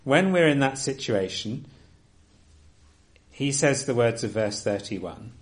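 A man preaching a sermon, earnest and emphatic, often dropping to a soft, quiet delivery. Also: mid-range voice, animated, slow pace, pauses often.

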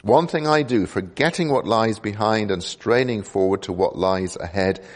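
A man with a fairly low voice delivers a sermon. He speaks in a measured way and often pauses on fillers and restarts his phrases. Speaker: preacher.

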